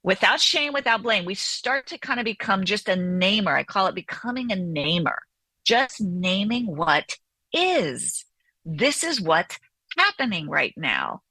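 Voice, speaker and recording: Lively bright-voiced woman therapist explaining. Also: medium pitch, measured pace, dry recording. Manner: animated explaining, frequent "right?" check-ins. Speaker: therapist and author, guest. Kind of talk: radio interview.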